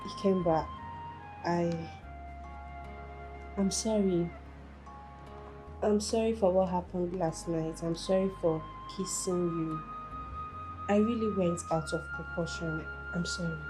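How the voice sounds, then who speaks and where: A slow, soft-spoken woman. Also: on the low side, animated, music in the background, rough recording. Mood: apologetic. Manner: soft, apologetic. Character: apologetic young woman. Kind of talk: film drama acting.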